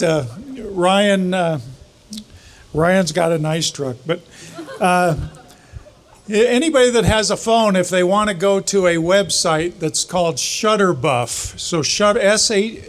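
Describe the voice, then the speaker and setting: A middle-aged father of the bride with a notably high voice gives a toast at a wedding reception. He jokes and stumbles along with frequent "uh"s, speaking into a handheld microphone. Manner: joking, halting with many "uh"s.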